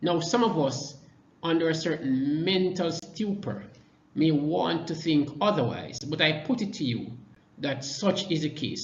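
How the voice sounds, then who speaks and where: A man from Jamaica giving a political presentation to supporters, measured and emphatic, stressing key words with deliberate pauses. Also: fairly high pitch, expressive, a little hiss or hum. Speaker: party vice president speaking to supporters. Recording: echoey, dull lo-fi sound.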